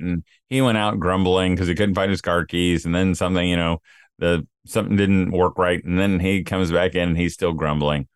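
A man's voice: low voice, steady tone, normal speed, smooth, no room sound, clean studio sound. A middle-aged man co-hosting a casual podcast, telling rambling stories and acting out the people he quotes. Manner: rambling storyteller, acts out quotes. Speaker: podcast co-host. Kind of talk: casual chat.

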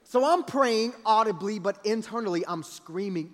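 A preacher telling a comic story about his family, animated and dramatic, with acted-out voices. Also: high voice, moderate pace, few pauses. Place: large event hall. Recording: reverberant large hall.

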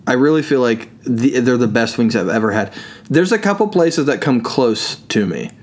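Reading out listener comments, a weary male podcast co-host jokes around, rambles, and laughs a lot. His voice sits at medium pitch, expressive, at a normal speed.

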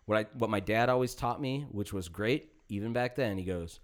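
A man's voice: lowish voice, normal speed. Male podcast host in his thirties, casual and profane storyteller. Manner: profane, animated, acts out quotes.

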